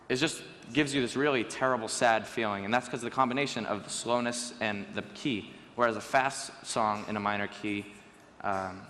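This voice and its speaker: A teenage boy speaks on stage in a lively, joking way, his voice bright and forward. His words ring out with a long reverb from a large hall, and a faint room ambience sits beneath. He talks at a medium pitch in a relaxed, conversational tone. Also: a little hiss or hum. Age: teens. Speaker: student speaker. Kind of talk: stage talk to an audience. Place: school auditorium.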